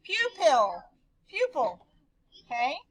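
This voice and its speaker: Woman teacher doing phonics drills, super high bright voice, slow and deliberate. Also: wildly swooping pitch, rough recording. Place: classroom.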